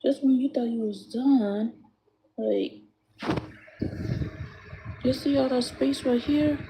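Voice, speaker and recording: A woman's voice: a little high, takes it slowly, gravelly, background noise. A woman chatting to viewers while doing hair, swearing freely and calling them y'all. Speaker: hair vlogger.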